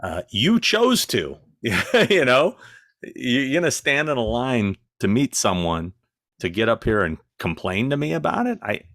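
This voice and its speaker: A man's voice: mid-range voice, very animated, unhurried, a bit bright, dry recording, clean studio sound. A middle-aged man, a podcast guest, telling stories in a blunt, exasperated manner. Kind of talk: casual anecdote telling.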